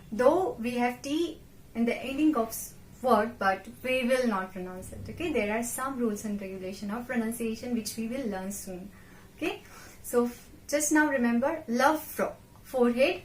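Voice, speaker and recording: Young female tutor, very unhurried repetition drills. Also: on the high side, animated, a bit bright, echoey room. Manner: slow, patient, repeats each word several times. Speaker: French teacher. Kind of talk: vocabulary lesson with repetition drills.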